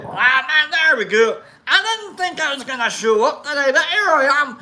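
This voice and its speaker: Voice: high voice, sing-song, moderate pace, noisy background. A livestream host chatting casually and greeting viewers by name, rambling and playful, with many fillers and restarts. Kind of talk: casual chat reading viewer comments.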